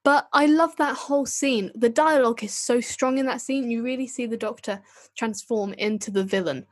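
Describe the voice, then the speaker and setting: A woman's voice: on the high side, normal speed, dry recording. A woman co-hosting a podcast, chatting casually and enthusiastically, with a self-deprecating manner. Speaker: podcast co-host. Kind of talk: casual chat about a TV show.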